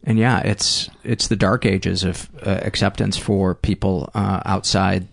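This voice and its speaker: A man's voice: low voice, flat delivery, measured pace, creaky, no room sound, studio quality. A man hosting a podcast, speaking earnestly and reflectively in casual conversation. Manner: earnest and reflective, with gentle restarts. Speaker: podcast host.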